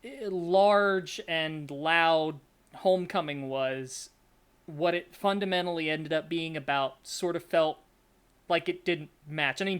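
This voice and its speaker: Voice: mid-range voice, fairly bright tone, clean tone. A podcast co-host chatting casually, rambling and searching for words. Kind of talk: casual chat.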